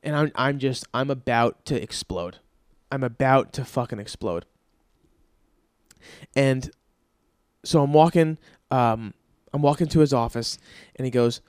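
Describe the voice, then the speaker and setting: A man's voice: mid-range voice, moderate pace, clear, resonant tone, no echo, clean studio sound. Profane, ranting man telling a story. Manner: animated, profane, ranting delivery. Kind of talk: comic storytelling.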